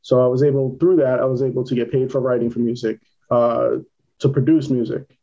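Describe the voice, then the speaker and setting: A man's voice: medium pitch, steady tone, brisk, mellow, muffled recording. A man from Queens with a New York accent, a filmmaker answering interview questions in a plain-spoken, matter-of-fact way. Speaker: filmmaker guest. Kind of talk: casual interview.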